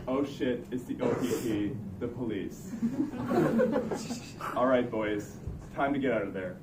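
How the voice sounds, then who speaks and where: A man's voice: mid-range voice, expressive, measured pace, long pauses. A young man, telling a comic personal story on stage in a wry, suspense-building way. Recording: echoey room, distant mic, background noise. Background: room ambience noise.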